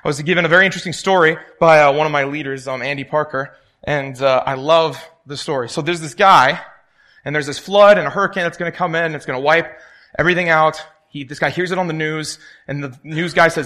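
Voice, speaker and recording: Talking fast in a fairly high, pushed, bright voice, a young man preaches in a conversational style. He tells stories and acts out the voices of the people he quotes.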